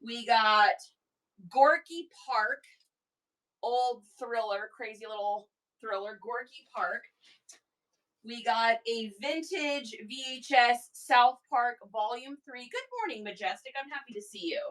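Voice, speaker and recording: A woman chats casually through a reseller livestream, animated and prone to rambling asides. Her voice sits a little high and sounds strikingly bright. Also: slow.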